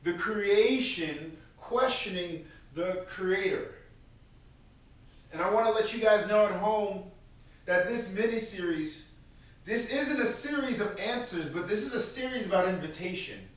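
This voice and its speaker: A man's voice: high-pitched, normal speed. A man preaching a sermon as pastor, in an earnest, conversational way, repeating key lines for emphasis. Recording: very echoey room, mic at a distance.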